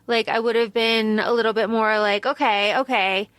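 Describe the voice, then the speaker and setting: A woman's voice: on the high side, steady tone, moderate pace, fairly bright tone, dry recording. A young woman co-hosting a podcast in casual book chat, blunt and swearing freely. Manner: blunt, swears freely, acts out characters mockingly. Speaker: podcast co-host.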